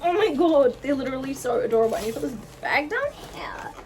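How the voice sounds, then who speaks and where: A young woman vlogging an excited unboxing at home, gasping and gushing over each item. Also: high-pitched, quick pace. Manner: gushing, gasping, lots of "oh my God".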